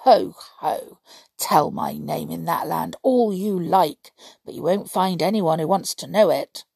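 A woman's voice: on the low side, measured pace, vocal fry, a little mellow, breathy edge, no room sound, exaggerated voice. A woman voicing a sly, spiteful male imp in a storybook reading, with a sneering, threatening manner.

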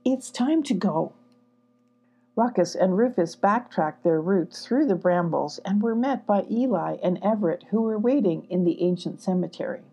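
A woman narrating a children's storybook in a gentle, even storytelling manner. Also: on the low side, moderate pace, few pauses, breathy edge. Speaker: storybook reader.

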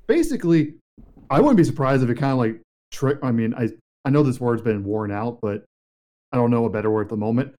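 A young man co-hosting a casual podcast chat, telling a story excitedly and acting out quotes. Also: medium pitch, fairly quick. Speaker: podcast co-host.

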